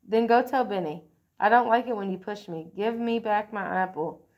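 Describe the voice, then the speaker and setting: A gentle, soothing butterfly teacher, as a woman reading aloud puts her on. She speaks slowly and firmly, in a calm, warm-hearted storybook tone. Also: on the high side. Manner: soothing, slow and firm.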